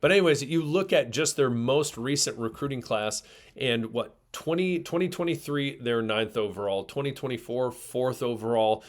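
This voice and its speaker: A man's voice: medium pitch, normal speed. A man from Michigan co-hosts a casual sports talk show. He speaks in an ordinary middle register and makes emphatic points, piling up examples as he talks. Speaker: sports podcast co-host.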